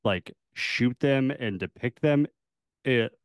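Easygoing male co-host, smooth resonant voice, dry close mic. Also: medium pitch, takes it slowly, no echo. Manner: laid-back, laughs often, fills with "like". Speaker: podcast co-host. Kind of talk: casual chat.

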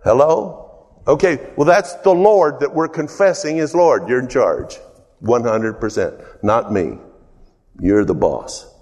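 A man's voice: mid-range voice, expressive, takes it slowly, darkish tone. Rambling preacher man in a reverberant hall. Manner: conversational, rambling, asks the congregation questions. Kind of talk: informal sermon.

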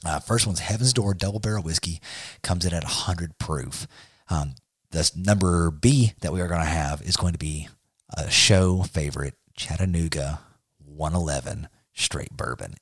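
A man's voice: low-pitched, normal speed, slightly rough, dry recording, clean studio sound. A man hosting a casual podcast, drawling and saying y'all. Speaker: podcast host.

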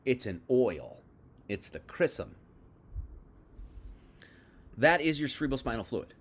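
A man teaching on a Bible passage in a livestream, chatty, dropping to quiet asides and then rising to emphatic bursts, reading verses aloud and paraphrasing them loosely. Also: medium pitch, very animated, slow, husky. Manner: conversational, swings from quiet asides to emphatic outbursts. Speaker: preacher.

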